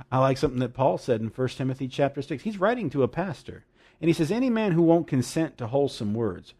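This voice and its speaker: A man preaching a sermon, animated and emphatic, with laughing asides and dramatic emphasis. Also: mid-range voice, a little fast, breathy edge.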